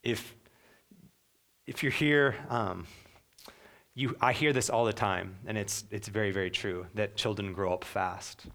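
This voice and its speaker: Earnest man preaching, low voice. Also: measured pace, long pauses. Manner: earnest, dropping to a soft hush for quoted words. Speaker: pastor. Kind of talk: sermon.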